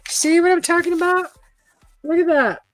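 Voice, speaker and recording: A woman's voice: very high voice, fairly even intonation, normal speed, dry recording, faint music behind. A woman hosting a casual live-stream, reading a choose-your-own-adventure book aloud, chatting and laughing often.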